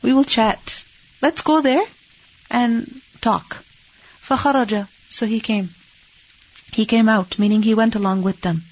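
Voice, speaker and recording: A woman's voice: on the high side, a little slow, pauses often, a little mellow, slightly rough, highs cut off. A woman teaching an Islamic hadith lesson, reading Arabic text and explaining it in English, asking and answering her own questions.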